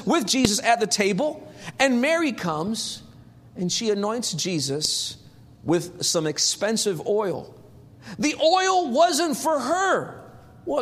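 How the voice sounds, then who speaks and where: A man preaching a sermon in a lively, humorous, conversational way. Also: sits high. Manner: animated, humorous, acts out quotes.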